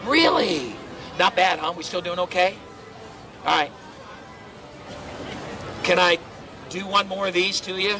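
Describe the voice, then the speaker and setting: Brief: middle-aged man, high-ish voice, loud and joking pre-show crowd warm-up, outdoors, handheld amplifier. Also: expressive, unhurried, pauses often, slight background noise, poor audio. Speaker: theme park crowd-control cast member. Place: outdoors at a theme park show area.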